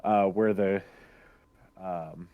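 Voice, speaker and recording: Low-voiced man playing a tabletop game. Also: steady tone, very slow, clean tone, no echo, narrow, tinny audio. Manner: casual, explains his character's actions. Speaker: player. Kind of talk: casual tabletop play over a voice call.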